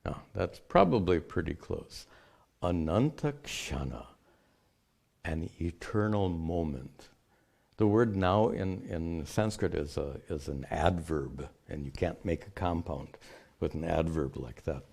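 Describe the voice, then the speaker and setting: A man, a spiritual teacher, answering questions in a measured, explanatory way. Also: deep voice, lively intonation, gravelly, darkish tone. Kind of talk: unscripted teaching talk.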